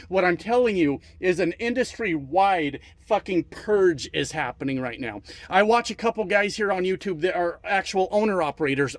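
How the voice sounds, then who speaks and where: A man's voice: sits high, dry recording. A man giving a profane, heated political rant as a trucking video creator, repeating himself for emphasis. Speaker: trucking YouTuber.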